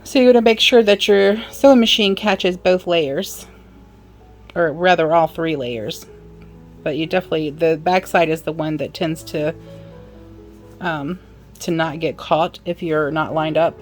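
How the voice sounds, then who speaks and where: Woman, low register, casual hands-on sewing tutor with chatty asides; light music underneath. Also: a little slow. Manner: chatty, apologetic asides, talks while working. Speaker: sewing instructor. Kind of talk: casual how-to demonstration.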